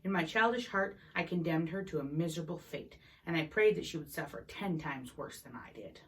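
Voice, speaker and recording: A woman with a low, expressive voice reads a novel chapter aloud at a brisk clip. The reading is unpolished, with small slips and restarts, and she sounds a little distant from the mic.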